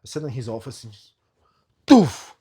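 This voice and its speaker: A man's voice: medium pitch, fairly quick, darkish tone. A man hosting a podcast, chatting casually, swearing freely and telling rambling stories. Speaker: podcast host. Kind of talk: casual chat.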